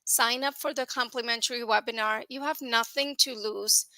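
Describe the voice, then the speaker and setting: Woman guest, earnest testimonial, bright and higher voice, dry close sound. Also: steady tone, moderate pace, no echo, rough recording. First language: grew up in the US with an Indian-accented English. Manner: earnest, many fillers like "you know". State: tearful at times. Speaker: guest sharing business success. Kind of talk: emotional personal testimonial.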